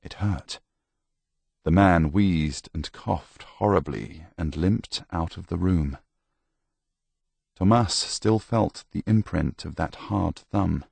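A man reading a novel aloud in a measured, grave style. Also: low voice, vocal fry, a little mellow, breathy edge, dry recording. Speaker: narrator. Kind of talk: scripted audiobook narration.

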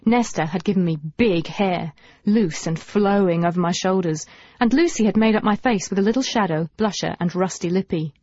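A woman narrating a novel in the first person, with a lively and wry comic touch. Her voice sits in a middle pitch. The recording is dry and slightly dull. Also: moderate pace, no echo. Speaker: audiobook narrator.

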